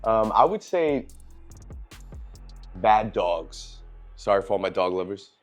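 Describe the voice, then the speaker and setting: Low-voiced man giving firm opinions. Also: animated, takes it slowly, faint music behind. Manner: hesitant, then firm opinions. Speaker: podcast co-host. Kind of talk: casual group chat.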